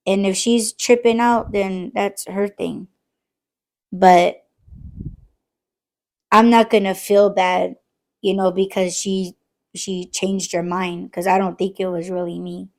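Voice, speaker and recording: A gravelly, mid-range female voice hosts a podcast full of casual late-night chat. She's profane and animated, swearing freely and acting out the other side of the conversations she quotes.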